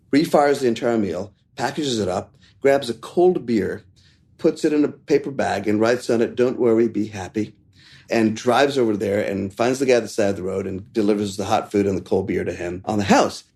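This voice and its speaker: A man from India, a chef telling stories as an interview guest, animated and quick to laugh. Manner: animated, laughs often, shifts pitch for quoted voices. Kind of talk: casual interview storytelling.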